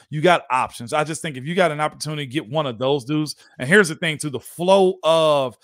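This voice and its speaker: A man's voice: on the high side, a bit bright, dry recording, studio quality. A man hosting a casual sports talk show, loose and chatty, laughing often. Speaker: former NFL guard and show host.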